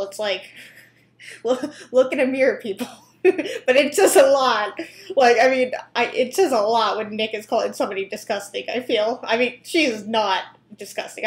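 A woman's voice: on the high side, echoey room. A young woman hosting a reaction video, chatting casually with lots of fillers, restarts and giggles.

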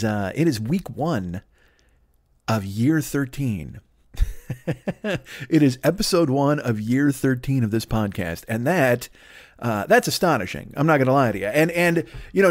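On his comedy podcast, a man in his forties launches into a meandering, foul-mouthed riff that circles back to earlier jokes. He has a mid-range voice, captured in clean studio sound without any echo.

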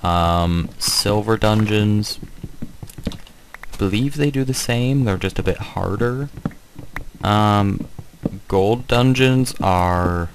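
Man, deep voice, slow, hesitant gameplay commentary, faint noise and keyboard clicks. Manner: hesitant, many ums, rambling. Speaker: gamer showing a game mod.

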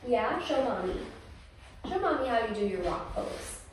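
Woman, gentle toddler-yoga teacher, sing-song, higher voice, recorded far off in an echoey room. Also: very animated, normal speed, a little hiss or hum. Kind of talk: toddler yoga class instruction.

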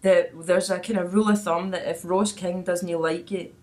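A middle-aged woman with a Scottish accent, hosting a podcast in a lively, rambling, chatty way with frequent laughter. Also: lowish voice, moderate pace. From Scotland. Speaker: podcast host. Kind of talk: casual chat.

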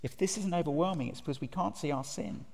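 Man, preacher, sermon, earnest, emphatic, questioning the audience, rather high pitch, long hall reverb. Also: quick pace, creaky, darkish tone. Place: large conference hall.

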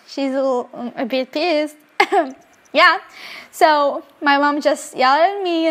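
Let's-play host: young woman, Portuguese accent, high voice, unhurried, chatty and easily excited. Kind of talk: casual gameplay commentary.

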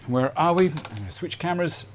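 Pitched on the high side, his delivery is sing-song and moderately paced, with vocal fry and slight background noise. He is a middle-aged Australian man running a live woodworking show, chatty and self-deprecating, musing aloud as he works the bench.

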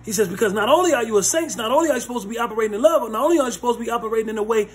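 Husky, high-voiced man teaching Bible study. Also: lively intonation, racing. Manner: blunt, street-level plain talk; emphatic, repeats phrases for stress. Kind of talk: informal Bible study preaching.

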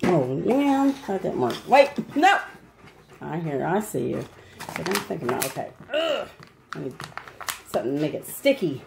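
A woman's voice: fairly low pitch, big pitch swings, moderate pace, gravelly, long pauses, noisy background. A woman at home playfully giving her dog commands and encouragement during a game. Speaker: dog owner and channel host. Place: at home, at a table.

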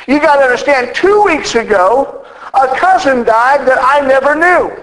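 High-voiced folksy preacher. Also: male voice, a bit bright, rough recording. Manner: folksy, joking. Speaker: minister. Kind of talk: sermon.

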